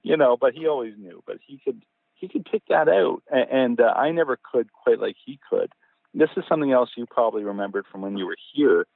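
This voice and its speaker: A man's voice: mid-range voice, a little fast, creaky. Man telling stories over a tinny phone line. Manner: animated anecdote-telling, acting out dialogue. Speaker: author and interview guest. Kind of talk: casual conversational storytelling.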